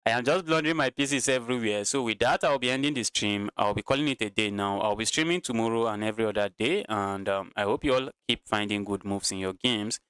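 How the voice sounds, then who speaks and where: A man's voice: lowish voice, quick pace, few pauses, fairly bright tone, clean tone, dry recording. A man commentating his own live chess games, talking to his chat and repeating phrases while he plays, sounding tired. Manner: repeats himself, talks to chat. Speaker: chess streamer.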